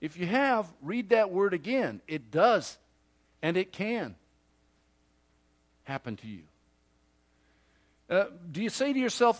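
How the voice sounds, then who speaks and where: A man preaching a sermon in a fairly high voice at an unhurried, deliberate pace. He moves between loud, pressing emphasis and quiet, hushed asides, often voicing imagined listeners. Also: sing-song. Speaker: pastor.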